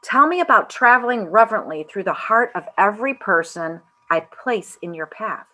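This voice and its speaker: A woman voicing a gentle, unseen divine director who coaxes a performer with tender questions. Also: medium pitch, expressive, moderate pace, low-quality recording. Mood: encouraging.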